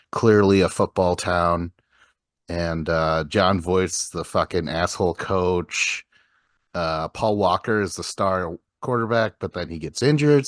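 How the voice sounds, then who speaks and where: A man's voice: low voice, no echo, studio quality. A man co-hosting a casual movie podcast, laid-back, laughing often and swearing casually. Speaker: podcast co-host. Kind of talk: casual chat about movies.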